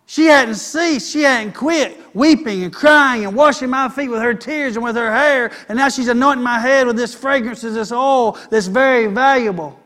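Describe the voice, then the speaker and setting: A man voicing Jesus as a calm male teacher rebuking his hosts within a sermon. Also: very high voice, normal speed, hardly any pauses, long reverb tail, pitched above the performer's own voice.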